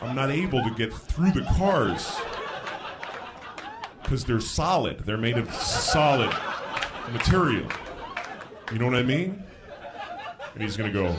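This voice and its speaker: Stand-up comedian man, deadpan stories, voice jumps up into high shouts, crowd laughing. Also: moderate pace, pauses often. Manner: deadpan storytelling that bursts into high shouted bits. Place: live on stage before a laughing crowd. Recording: live show with audience laughter.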